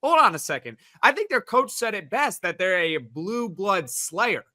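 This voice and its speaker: A man co-hosting a sports podcast, debating in an animated, questioning way. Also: sits high, moderate pace. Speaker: podcast co-host.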